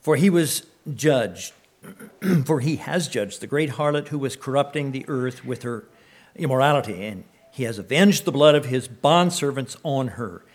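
A man giving a sermon, reading scripture slowly and swelling on words of praise, then adding casual comments and often clearing his throat. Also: mid-range voice, expressive. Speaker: preacher.

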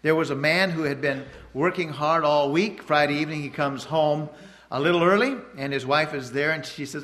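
A man's voice: fairly high pitch, normal speed, a bit bright. A man preaching a storytelling sermon. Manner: conversational storytelling, frequent fillers and restarts; chuckles at his own stories.

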